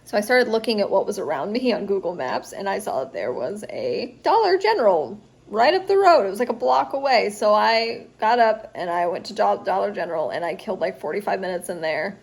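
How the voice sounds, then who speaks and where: A woman's voice: mid-range voice, very animated, fairly quick, creaky. A young woman, a student vlogger, telling a rambling story in a casual storytime vlog at home, chatty and full of fillers, sounding tired. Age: young adult.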